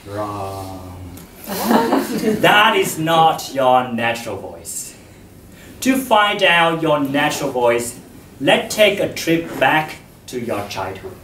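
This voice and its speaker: Slow, expressive man giving a talk. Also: a little high, noisy background. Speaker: speaker on voice. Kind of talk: public talk to an audience. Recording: echoey hall, distant mic.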